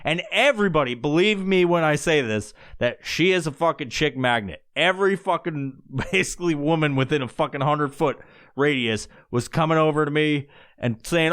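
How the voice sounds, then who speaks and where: A man's voice: fairly high pitch, normal speed, a bit bright. Profane, rambling man telling a story. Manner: profane, rambling, laughs often. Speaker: podcast host. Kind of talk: casual storytelling.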